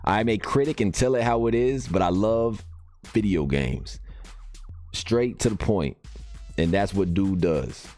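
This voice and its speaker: A man's voice: fairly low pitch, animated, a little slow, a little mellow, soft background music. A man hosting a live game stream, chatting casually and reacting to viewer comments as he reads them aloud.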